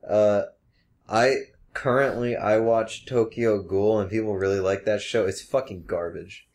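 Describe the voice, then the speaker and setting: A man's voice: fairly low pitch, steady tone, measured pace, a little mellow. A man hosting a casual podcast, reading out listener questions and laughing often. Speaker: podcast host.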